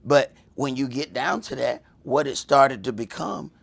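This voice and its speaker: A man teaching a religious class in a lively preaching style, telling stories and acting out voices, swinging from loud to hushed. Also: mid-range voice, measured pace, vocal fry. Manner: animated, storytelling, acts out voices, swings from loud to whispered.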